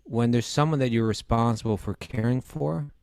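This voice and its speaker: A man's voice: medium pitch, moderate pace, vocal fry, darkish tone, smooth, dry recording. A man on a podcast explaining scripture passages patiently, with frequent restarts and "you know"s. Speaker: teacher and co-host.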